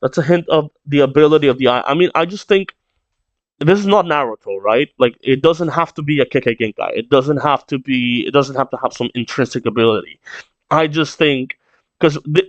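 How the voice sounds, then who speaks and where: A man's voice: mid-range voice, no echo, lo-fi sound. A man reading a comic aloud and reacting, rambling and thinking aloud as he goes. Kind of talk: casual read-along reaction.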